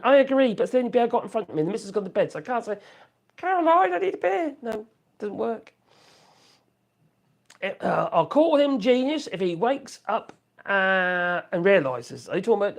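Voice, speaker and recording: A man chatting casually on a live stream from his home office, rambling and reacting to viewer comments. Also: high-pitched. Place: home office room with wood burner.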